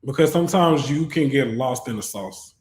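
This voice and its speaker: A man's voice: medium pitch, expressive, normal speed, darkish tone. A man giving an online tarot reading who talks in a preachy, fervent way and often rises into exhortation. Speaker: tarot reader. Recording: roomy echo.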